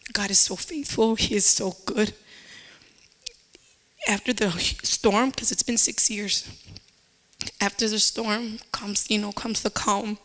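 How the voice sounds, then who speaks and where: A woman's voice: medium pitch, a bit bright. A middle-aged woman giving an emotional personal testimony at church, repeating herself and slipping into Spanish phrases.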